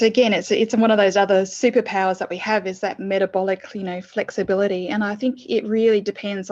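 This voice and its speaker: Expressive woman telling a story. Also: medium pitch, dull audio. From lived in the UK. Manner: expressive storyteller, acts out her past self. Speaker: podcast co-host, guest. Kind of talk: casual interview chat.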